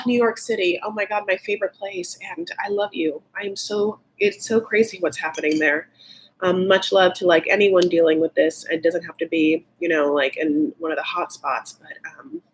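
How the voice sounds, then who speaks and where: Chatty gossiping woman recapping a show. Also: fairly low pitch. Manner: chatty, gossipy, lots of fillers; sarcastic asides. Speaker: host. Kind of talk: live show recap chat.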